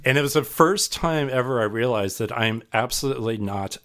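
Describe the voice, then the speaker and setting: A man's voice: medium pitch, a little fast, fairly bright tone. Self-deprecating man telling a rambling story. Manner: rambling and self-deprecating, with many fillers and restarts. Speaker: podcast guest, sound artist. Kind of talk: casual storytelling in a podcast interview.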